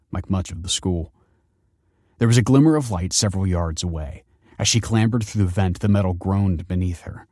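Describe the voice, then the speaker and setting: Low-voiced man narrating a story. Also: darkish tone, dry recording, clean studio sound. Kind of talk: story reading.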